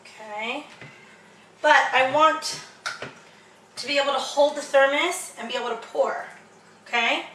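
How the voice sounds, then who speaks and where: A woman's voice: sits high, unhurried, pauses often, pushed and bright, slight background noise, rough recording. A woman chatting casually as she talks viewers through a demonstration, step by step. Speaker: vlogger.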